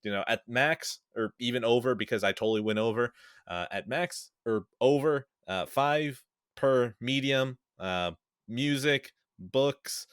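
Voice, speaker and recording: A man hosting a laid-back podcast chat, voice sitting at an ordinary middle pitch. He rambles, trips over himself, corrects his own lists out loud and drops the odd swear word. The sound is dry and close, with no room around it. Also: measured pace, clear, resonant tone, no echo. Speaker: podcast host.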